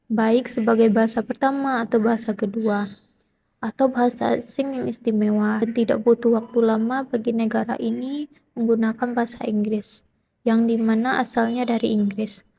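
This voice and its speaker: A young woman, a student, interpreting a lecture into Indonesian with a steady, even delivery. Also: fairly high pitch. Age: young adult.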